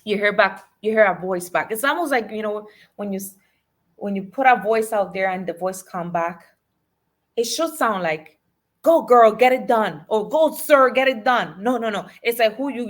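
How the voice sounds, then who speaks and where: Woman coach, motivational delivery, leans on repetition and direct questions to listeners. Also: mid-range voice. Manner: emphatic, repeats key phrases, asks the audience questions. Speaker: life and business coach.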